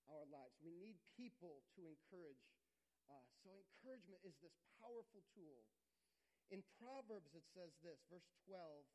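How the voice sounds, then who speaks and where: A man's voice: high voice, a little mellow, rough recording. A middle-aged man preaching a sermon as pastor, earnest and conversational, often restarting his phrases.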